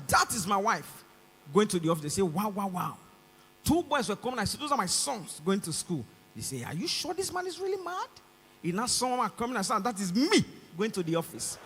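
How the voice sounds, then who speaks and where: A young Nigerian man doing stand-up with a very high, bright voice that jumps all over the place. He performs animatedly into a handheld mic and slips into voices and shouts. Long concert hall reverb trails every line. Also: a little hiss or hum. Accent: Nigerian English. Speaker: stand-up comedian. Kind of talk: stand-up comedy routine. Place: large concert hall stage.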